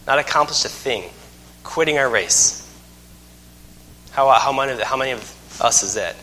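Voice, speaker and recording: A man's voice: mid-range voice, moderate pace, pushed and bright, slight background noise. A man in his thirties preaching a sermon, telling folksy stories with self-mocking humor. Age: 30s. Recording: long hall reverb.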